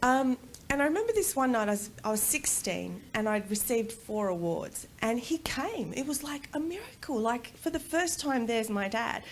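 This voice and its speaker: A middle-aged Australian woman giving a personal storytelling talk at a conference, animated and quick to laugh. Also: on the high side, slight background noise. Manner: animated, laughs often, acts out voices in quotes. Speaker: conference speaker. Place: conference room.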